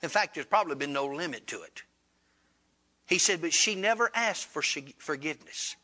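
Male pastor, sermon storyteller; high, forceful tone, animated delivery. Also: normal speed. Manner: animated, acts out dialogue with rising pitch.

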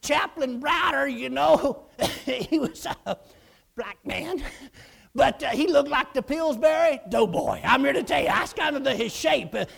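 A man preaching a lively story, acting out voices and often shouting. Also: extremely high pitch, vocal fry. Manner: animated, acts out voices, shouts and laughs. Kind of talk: storytelling sermon.

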